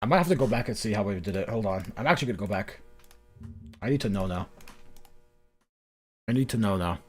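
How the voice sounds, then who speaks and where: A man's voice: on the low side, lively intonation, fast talker, slightly rough, faint music behind. A man streaming a game story, chatting casually, rambling and breaking off mid-sentence. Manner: rambling, self-interrupting and laughing. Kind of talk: casual live-stream chat.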